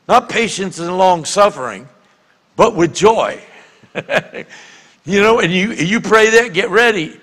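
Male pastor, sermon, conversational, deliberate, slightly higher voice, long hall reverb. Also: a bit bright. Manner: conversational, repeats words, reads scripture slowly and with emphasis. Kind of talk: sermon teaching. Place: church sanctuary.

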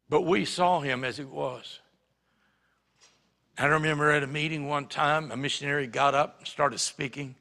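Gravelly-voiced male pastor preaching. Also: medium pitch, big-room sound. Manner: storytelling, shifts between quiet and emphatic. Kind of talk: sermon. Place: church sanctuary.

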